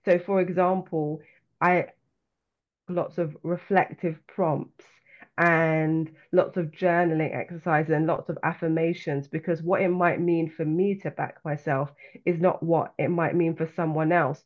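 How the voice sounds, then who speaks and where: A woman with a London accent, an author and coach speaking as a guest in a podcast interview, talking in a reflective, earnest and measured way. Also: low voice, fairly even intonation. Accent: London English. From London, England. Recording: slightly dull lo-fi sound.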